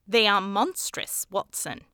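A woman voicing a calm, precise Victorian male detective who speaks in a measured, lecturing way. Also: medium pitch, clean tone, dry recording, clean studio sound. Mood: grave. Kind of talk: audiobook character voice.

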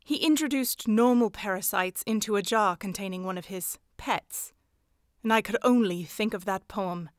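A woman narrating a story in a steady, even storytelling manner. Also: mid-range voice, normal speed, no echo, clean studio sound. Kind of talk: scripted audiobook narration.

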